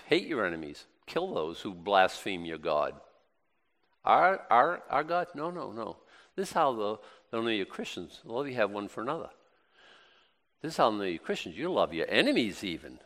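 A man's voice: mid-range voice, a bit bright, long reverb tail. A middle-aged man preaching a sermon in a conversational way, with plenty of rhetorical questions and repeated phrases.

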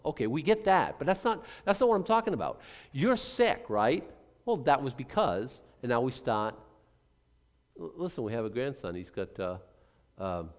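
Animated older man preaching in a hall. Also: medium pitch. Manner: emphatic, acts out quoted voices, many restarts. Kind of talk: sermon. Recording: long reverb of a large hall.

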